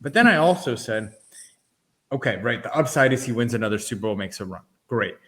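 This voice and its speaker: A man hosting a sports card podcast, chatting casually and thinking out loud. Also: medium pitch, lively intonation, fairly quick. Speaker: podcast host. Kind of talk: casual chat.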